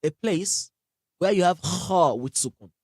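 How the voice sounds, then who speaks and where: A man leads a live online recitation lesson. He is energetic, quizzes his class, and repeats sounds to show how they are made. His voice sits a little high, and the sound is dry and close. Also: a little slow, no room sound. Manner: asks the class questions. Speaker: Quran recitation teacher.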